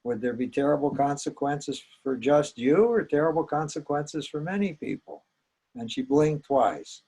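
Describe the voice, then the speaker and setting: Older male storyteller: gravelly, slightly husky, reflective and gentle. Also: a little high, animated, moderate pace, low-quality recording. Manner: reflective, gentle, with small hesitations. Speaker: psychologist recounting his training. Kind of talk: personal storytelling.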